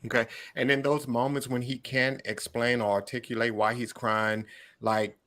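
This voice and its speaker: A man's voice: medium pitch, little pitch movement, moderate pace, a bit bright. A man hosting a podcast discussion, asking the guests short follow-up questions. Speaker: podcast host. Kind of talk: casual podcast interview.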